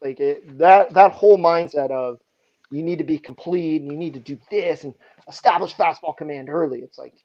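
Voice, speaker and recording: Man, slightly high voice, animated podcast storyteller, slightly muffled audio. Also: normal speed. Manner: animated anecdotes, heavy use of "like". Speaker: baseball pitching coach.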